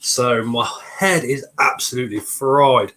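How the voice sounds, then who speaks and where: A man's voice: mid-range voice, a little slow, pushed and bright. A man, hosting a casual live stream from his kitchen, greeting viewers by name while getting over a cold. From Coventry, England. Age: 40s. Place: home kitchen.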